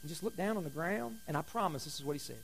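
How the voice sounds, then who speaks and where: A man preaching a sermon, telling stories in a conversational way, going from loud emphasis to hushed asides. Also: fairly high pitch, animated, racing, vocal fry, a little hiss or hum. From Kentucky. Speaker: pastor.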